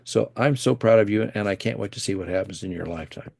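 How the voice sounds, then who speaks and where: Brief: podcast guest, a man with a low, gravelly voice who tells animated stories and acts out the lines, recorded dry and close. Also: quick pace, no room sound. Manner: animated storyteller who acts out quoted dialogue. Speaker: guest, financial planner and former coach. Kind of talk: casual storytelling in a podcast interview.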